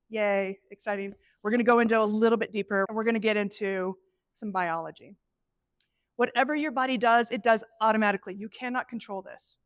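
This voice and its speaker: A middle-aged woman presenting a live workshop, animated and conversational, acting out inner voices as she teaches. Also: mid-range voice, dry recording. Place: event space with an audience.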